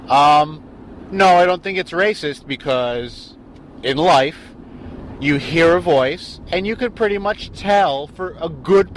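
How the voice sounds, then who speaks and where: A man's voice: a little high, a little hiss or hum, low-quality recording. A man co-hosting a podcast from a car, explaining his opinions carefully in casual chat. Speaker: podcast co-host. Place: inside a car on the road.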